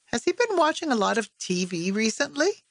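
A woman doing a sweet, gentle schoolteacher. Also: on the high side, sing-song, moderate pace, creaky, dry recording, voice pushed up, full character voice. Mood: gentle concern. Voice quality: soft and sweet. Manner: gentle, polite, concerned. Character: kind, soft-spoken female schoolteacher. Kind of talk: audiobook character voice.

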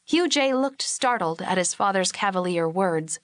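A woman narrating an audiobook in a measured, even storytelling manner, recorded on a close mic. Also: medium pitch, no echo. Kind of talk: scripted narration.

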